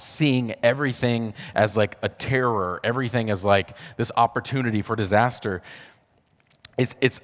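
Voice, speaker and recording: A young adult man preaching a casual sermon in a conversational way, with frequent "like" fillers. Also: mid-range voice. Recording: reverberant hall.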